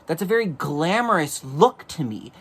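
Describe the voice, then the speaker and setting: A man hosting a casual solo monologue. He is campy and swears freely, and sometimes breaks into shrill mock voices. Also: animated, normal speed, husky. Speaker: podcast host.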